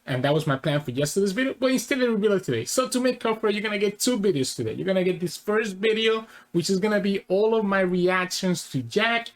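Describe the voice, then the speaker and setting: A man's voice: sits high, expressive, fast, few pauses. A man hosting a casual reaction video, rambling and correcting himself mid-thought. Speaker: channel host.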